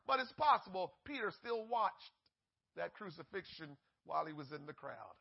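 A man preaching a sermon, swinging from shouted peaks to hushed asides and acting out the voices in the story. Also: high voice, big pitch swings, moderate pace, vocal fry, slightly rough, highs cut off.

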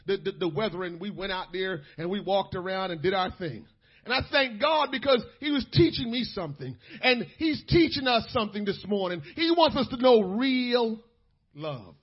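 A man with a strikingly high, husky voice preaches a sermon with fervor, dropping to a soft storytelling tone and then rising to shouts. His talk is full of "uh"s and repeated words. The recording sounds dull and lo-fi. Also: lively intonation. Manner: fills pauses with "uh", repeats words.

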